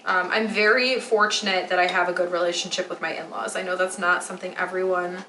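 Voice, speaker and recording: Woman, 20s, from Metro Detroit; relaxed rambling kitchen vlog, filler-heavy, roomy echo. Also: on the low side, fairly quick, a little hiss or hum. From Metro Detroit, USA. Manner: chatty, rambling with many "like" fillers. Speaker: vlogger. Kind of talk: casual chat while baking. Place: home kitchen.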